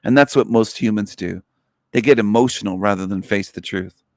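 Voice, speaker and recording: A man's voice: lowish voice, moderate pace, a little mellow, no echo. A man hosting a livestream, delivering a contemptuous, mocking rant to his viewers. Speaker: livestream host. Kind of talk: ranting livestream monologue.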